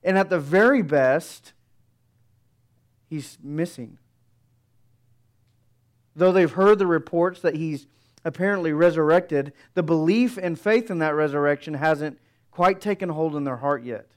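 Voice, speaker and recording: A male preacher delivers an expository sermon in a measured, reflective manner, often pausing on rhetorical questions. His voice is smooth and resonant and sits a little high for a man.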